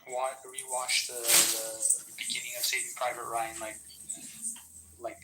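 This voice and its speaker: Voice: mid-range voice, level tone, unhurried. A person chatting casually and reflectively, with many fillers. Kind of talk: casual chat. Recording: noisy background.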